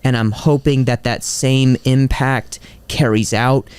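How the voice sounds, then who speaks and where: A man co-hosting a podcast, chatting casually and excitedly about football and walking through stats. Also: medium pitch, slow, smooth, dry recording. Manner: excitable, repeats catchphrases, walks through stats. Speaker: podcast co-host. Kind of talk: casual sports chat.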